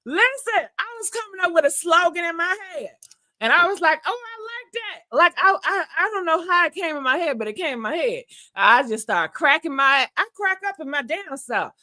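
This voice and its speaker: A woman's voice: very high-pitched, very animated, fairly quick, bright, forceful tone. A woman hosting a casual celebrity gossip livestream, sassy and messy, talking straight to her viewers and laughing at herself. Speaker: host.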